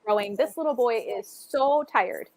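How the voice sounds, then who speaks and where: A woman's voice: fairly high pitch, moderate pace, darkish tone. A woman narrating a tabletop game as game master, loose and rambling with many fillers.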